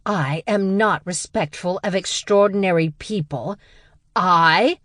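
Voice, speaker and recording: Woman narrator doing a hot-tempered jackal woman, protective and indignant, loud and hard, dry booth. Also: low voice, measured pace, breathy edge, dry recording. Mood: furious. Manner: indignant, pointed, rising to shouting.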